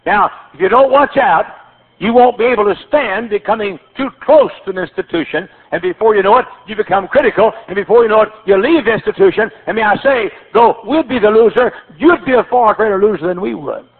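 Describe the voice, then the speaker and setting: Older male pastor, folksy sermon storyteller, high voice on a thin lo-fi recording. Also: a little fast, slightly rough. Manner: folksy storytelling with repetitions and stammered restarts. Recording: tinny phone-like sermon recording.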